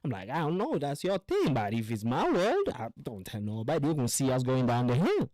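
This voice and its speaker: Male host, loose profane monologue, lively swooping pitch, dry close sound. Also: fairly quick, no room sound, poor audio. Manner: rambling, profane, philosophical; acts out quotes in animated voices. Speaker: show host. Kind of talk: casual monologue.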